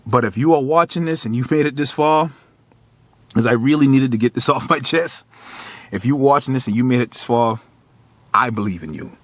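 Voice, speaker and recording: A man's voice: medium pitch, a little fast, no echo. A man in his thirties giving a raw, profane motivational monologue straight to the viewer, at times choked up. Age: 30s. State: tearful, choked up. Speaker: motivational vlogger. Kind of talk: emotional motivational monologue to camera.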